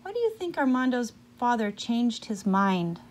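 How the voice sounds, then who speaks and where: A woman reading a picture book aloud, pausing now and then to ask her listeners questions about the story. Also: a little high, sing-song, darkish tone.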